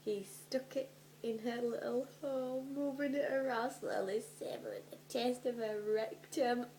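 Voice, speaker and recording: A young woman doing a comedic dramatic reading, animated and sweary, often dropping into whispers for her asides. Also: fairly high pitch, unhurried, slight background noise, rough recording. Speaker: vlogger.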